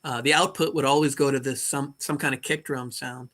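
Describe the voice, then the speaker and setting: A man's voice: medium pitch, fairly even intonation, fairly quick, fairly bright tone. A man chatting casually on a video call from his bedroom, thinking aloud and restarting his sentences. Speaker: modular synth hobbyist on a stream.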